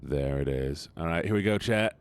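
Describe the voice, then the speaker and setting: A man's voice: low voice, animated, normal speed, clear, resonant tone. A man streaming a game live, chatting to his viewers with playful outbursts. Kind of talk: live gameplay commentary.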